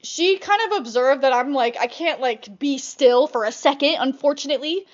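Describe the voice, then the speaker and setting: A young woman vlogger telling a casual storytime about old jobs, chatty and animated, swearing often. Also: high voice, normal speed, lo-fi sound.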